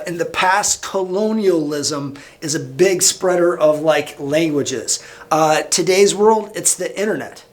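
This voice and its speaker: Like a high school teacher taping a lecture, a man with a high voice and a Midwestern American accent goes through his slides for the class. His delivery is relaxed and casual, peppered with fillers and false starts.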